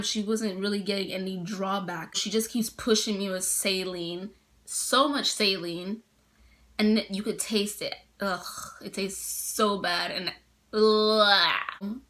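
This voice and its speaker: Young woman, casual storytime, chatty, lots of fillers, bright tone. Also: mid-range voice, steady tone, takes it slowly. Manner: chatty, laughs often, frequent "like" fillers. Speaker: vlogger telling a story.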